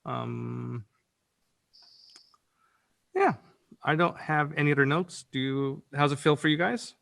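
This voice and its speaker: Bright, gravelly-voiced male director. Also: a little high, a little slow. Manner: rambling, filler-heavy instructions. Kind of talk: directing actors in a recording session.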